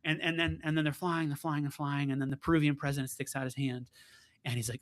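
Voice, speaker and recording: Brief: male debate co-host, high voice, excitable storyteller who stumbles and restarts. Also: fast. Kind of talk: animated debate banter.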